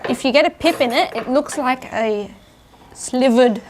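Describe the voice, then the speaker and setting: A woman's voice: sits high, a little slow, noisy background. A woman vlogging outdoors over dinner, chatty and laughing easily in casual conversation. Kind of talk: casual chat while eating.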